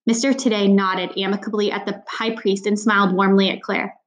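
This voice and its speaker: A woman's voice: mid-range voice, level tone, brisk. List: woman, reading a storybook aloud, plain delivery, casual asides, occasional slips. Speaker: audiobook reader.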